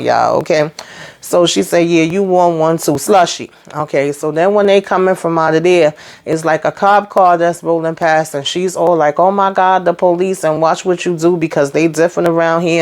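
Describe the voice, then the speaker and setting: A woman's voice: low voice, darkish tone. Sassy woman recapping reality TV. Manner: chatty, sassy, retells scenes in quoted voices. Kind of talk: casual recap commentary.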